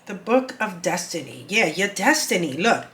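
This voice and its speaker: A woman's voice: on the low side, big pitch swings, normal speed, fairly bright tone, poor audio. A woman giving an intuitive card reading to her viewers. She talks earnestly, repeats words and urges her listeners on. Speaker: spiritual card reader.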